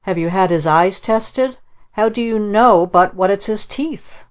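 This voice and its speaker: A woman voicing a restless, defiant little boy who bursts out boasting and shouting in an audiobook. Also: fairly low pitch, a little slow, lightly acted. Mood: excited. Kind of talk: audiobook character reading.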